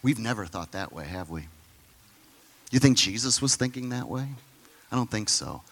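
A man's voice: lowish voice, animated, moderate pace, in a large hall. A man giving a conversational sermon as a pastor, acting out bits of dialogue in different voices.

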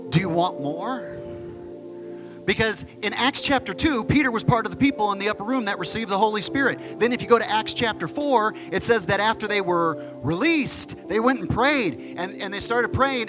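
High-voiced pastor preaching over music. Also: male voice, poor audio. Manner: casual, conversational preaching with quick asides. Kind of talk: sermon. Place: church sanctuary with stage. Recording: music behind the voice. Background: music playing.

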